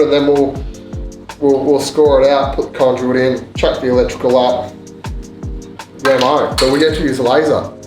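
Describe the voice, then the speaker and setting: A man hosting a renovation vlog, explaining the work in a chatty, joking way, inside a kitchen being rebuilt. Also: medium pitch. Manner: chatty, joking, loose with fillers. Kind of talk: casual on-site explanation. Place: indoor kitchen under renovation. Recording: echoey room with loud music behind.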